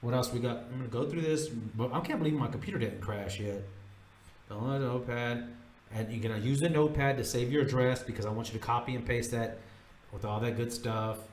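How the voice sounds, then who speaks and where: A man's voice: medium pitch, brisk, roomy sound, distant mic, a little hiss or hum, poor audio. A man giving blunt, emphatic, profane dating advice in a casual monologue, repeating his points. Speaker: dating-tips vlogger.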